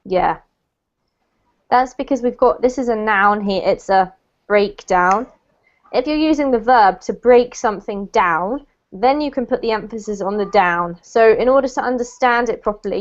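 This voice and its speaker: A woman's voice: mid-range voice, moderate pace, highs cut off. A woman teaching an English lesson, patiently explaining meanings and word stress to her students. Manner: patient, explains pronunciation step by step. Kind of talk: online language lesson.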